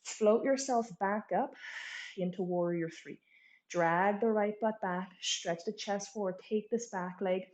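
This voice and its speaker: A woman teaching a guided yoga class, giving steady cues and checking in with "okay?" as she goes. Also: mid-range voice, measured pace. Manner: encouraging, frequent "okay?" check-ins. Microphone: earbud mic. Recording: roomy echo.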